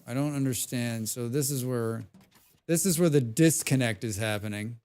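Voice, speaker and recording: A man's voice: medium pitch, normal speed, a little mellow, clean tone. Man muttering and humming through a game stream. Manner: muttering, humming and swearing while playing. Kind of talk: casual live-stream commentary. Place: home.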